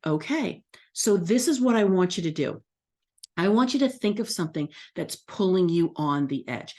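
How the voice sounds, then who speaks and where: A woman's voice: on the low side, a little mellow. A middle-aged woman astrology coach talking casually to her audience, acting out her own self-talk.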